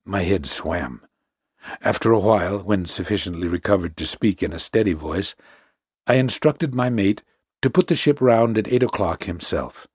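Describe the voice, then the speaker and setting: A man narrating a story in the first person, measured and tense. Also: low voice, lively intonation, a little mellow, slightly rough, no room sound, studio quality. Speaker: audiobook narrator.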